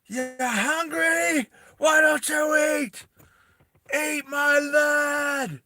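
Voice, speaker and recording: Brash action-movie hero, loud and high, yelling, as a storyteller puts him on. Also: male voice, fairly even intonation, very slow, faint music behind, heavily acted. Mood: raging. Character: gruff young male action hero, wild.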